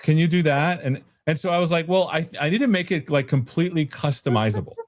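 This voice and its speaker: On a video call, a male developer guest with a voice on the high side speaks fast, giving a casual, rambling walkthrough of an app he built. It's a relaxed tech demo chat on a livestream, full of "like" and "right?".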